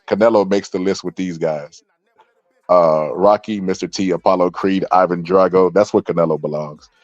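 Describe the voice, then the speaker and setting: Deep-voiced man, laid-back boxing commentary, tired, keeps saying bro, dull dry recording. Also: darkish tone, no room sound. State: tired from staying up late. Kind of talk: casual livestream commentary.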